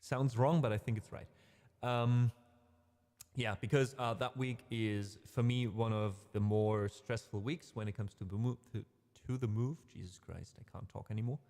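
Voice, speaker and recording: A man's voice: medium pitch, fairly even intonation, normal speed, darkish tone, big-room sound. A man hosting a casual music livestream, rambling a little, correcting himself and talking to his chat in a friendly way. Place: home streaming room.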